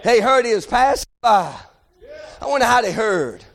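Male preacher, very high pitch, fervent shouting revival delivery. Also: expressive, creaky. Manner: fervent, shouting, drawn-out phrases. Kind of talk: revival sermon.

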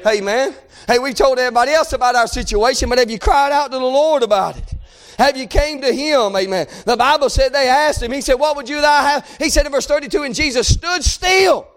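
Impassioned high-voiced preacher shouting. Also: male voice, fairly quick. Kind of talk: sermon. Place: church service.

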